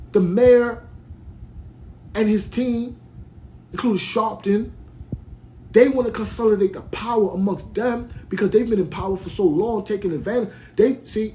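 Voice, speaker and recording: A man's voice: high voice, warm tone, slight background noise. A man from Brooklyn, hosting a podcast in a heated, rambling rant full of restarts. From United States (Brooklyn). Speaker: podcast host. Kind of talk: ranting monologue.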